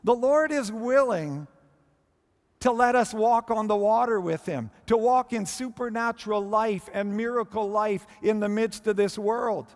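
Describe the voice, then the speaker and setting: A man preaching a sermon with expressive delivery and dramatic pauses. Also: high-pitched. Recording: long hall reverb.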